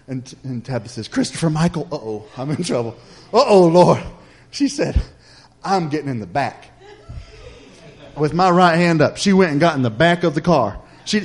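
A man preaching a sermon, telling a story in a folksy, chatty way and speaking straight to the congregation. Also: a little high.

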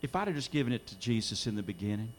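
This middle-aged pastor preaches earnestly in the church sanctuary while the service is streamed live. He speaks in a lowish voice at a racing pace, with big swings in pitch that swell as he quotes scripture.

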